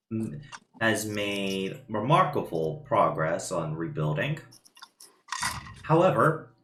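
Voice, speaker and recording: A man runs a tabletop game, narrating in a slow, unhurried way with plenty of pauses. His voice sits fairly low and carries a roomy echo, with faint noise in the background. He drops in little sound effects as he tells the scene. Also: fairly bright tone. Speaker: game master.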